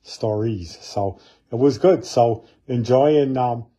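A man with a very dark, husky voice talks casually and loosely as a host, pausing often between thoughts. His delivery is relaxed and unhurried. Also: mid-range voice. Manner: relaxed, hesitant with fillers. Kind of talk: casual chat.

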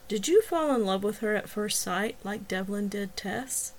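A man's voice: high-pitched, lively intonation, measured pace. Woman doing Joe, a lovesick deaf young man. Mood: musing. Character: lovesick deaf young man, self-pitying, a bit drunk.

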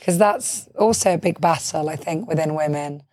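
A woman's voice: deep voice, normal speed, dark tone, dry recording. A woman hosting a podcast interview, asking thoughtful questions with frequent fillers and backchannels. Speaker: podcast host. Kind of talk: conversational interview.

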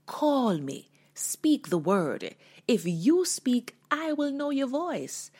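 A woman's voice: mid-range voice, darkish tone. A woman voicing a bold male disciple who earnestly pleads to be called out onto the water.

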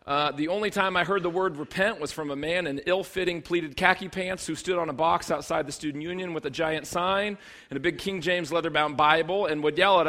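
A pastor in his thirties preaching to his congregation with a slightly higher-pitched voice. He keeps it conversational and humorous, then builds to emphatic bursts. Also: fairly bright tone. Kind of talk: sermon.

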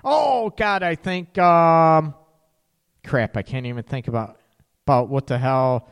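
A man's voice: fairly high pitch, unhurried, smooth. A man hosting a casual livestreamed relationship talk, speaking candidly, laughing at his own slips and tagging sentences with "right?". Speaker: relationship talk show host.

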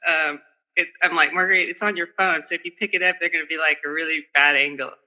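A woman's voice: low voice, fairly even intonation, fast, pushed and bright, highs cut off. A woman speaking at a recovery meeting over a phone video call, in casual, chatty and self-deprecating talk, sometimes reading aloud.

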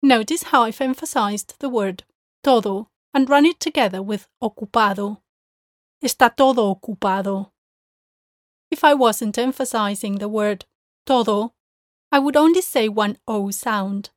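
A woman teacher giving a scripted pronunciation lesson, explaining clearly and modelling words slowly, recorded close to the mic. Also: a little high, dry recording.

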